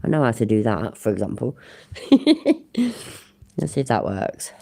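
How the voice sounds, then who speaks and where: A woman with a low voice that swings widely as she talks, reacting bluntly to a clip and swearing offhand. Her tone is casual, chatty and full of asides. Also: huge pitch swings, takes it slowly, vocal fry, mellow. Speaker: channel host reacting to a clip. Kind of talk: casual commentary.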